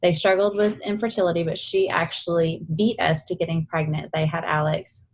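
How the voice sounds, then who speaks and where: A woman's voice: lowish voice, level tone, fairly quick, a little hiss or hum, poor audio. A woman in her forties, a podcast guest, telling a story in a rambling way and correcting herself as she goes. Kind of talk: casual podcast chat.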